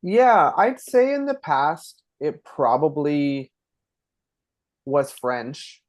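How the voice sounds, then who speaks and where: A man's voice: fairly high pitch, big pitch swings, extremely slow, no room sound. Chatty Ontario Canadian man, dry sound. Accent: Eastern Canadian (Ontario). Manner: chatty, explanatory, demonstrates pronunciations aloud. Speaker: podcast guest. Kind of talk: casual interview conversation.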